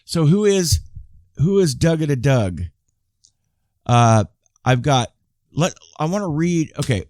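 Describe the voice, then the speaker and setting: A man's voice: on the high side, lively intonation, takes it slowly, long pauses, darkish tone, dry recording, clean studio sound. A man in his fifties giving casual YouTube commentary, reading viewer emails aloud and rambling with frequent restarts and asides to his viewers. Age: 50s.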